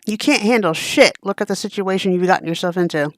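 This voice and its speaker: A bossy, crude older-sister witch from a video game, as a streamer reads her, who scolds with brash confidence. The voice is smooth and clear, recorded dry and close. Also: medium pitch, fast talker, no room sound, close to an everyday voice. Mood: scolding. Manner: bossy, swearing.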